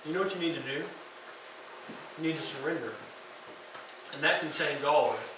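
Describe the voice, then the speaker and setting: Man, youth pastor, animated sermon, bright, echoey hall, heard from afar. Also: fairly high pitch, quick pace, pauses often, recorded from a distance, slight background noise. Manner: animated preaching, asks the crowd questions. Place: church hall.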